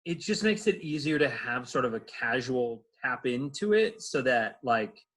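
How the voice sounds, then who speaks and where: Male stage actor, easygoing and rambling, mid-pitched voice, heard over a video call. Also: expressive, unhurried, a bit bright, poor audio. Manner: rambling, many fillers and restarts. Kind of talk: casual interview answers.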